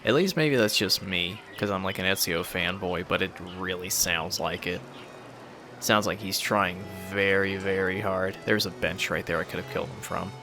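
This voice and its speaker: A man's voice: low voice, moderate pace, over music. A man casually commenting over a video game playthrough, rambling and swearing freely. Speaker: gameplay commentator. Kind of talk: casual let's play commentary.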